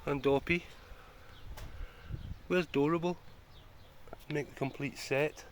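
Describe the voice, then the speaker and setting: A man with a slightly high voice talks slowly and fondly to a crowd of rescue cats. He coaxes them the way you would talk to pets. Clear outdoor noise sits behind him in the recording. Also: fairly even intonation. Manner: coaxing and affectionate toward the cats. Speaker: cat rescuer filming his cats. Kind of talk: casual talk to animals.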